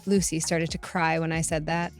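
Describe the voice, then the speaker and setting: A woman's voice: sits low, level tone, moderate pace, faint music behind. A young woman telling her own family story in the first person, in a sarcastic and indignant way. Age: young adult. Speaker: narrator.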